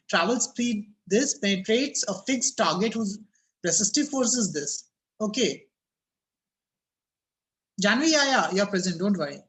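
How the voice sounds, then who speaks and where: A man's voice: high-pitched, expressive, measured pace, a bit bright. A man teaching a physics class over a video call, his voice cracking, repeatedly asking students "yes or no?" and telling them to think about it.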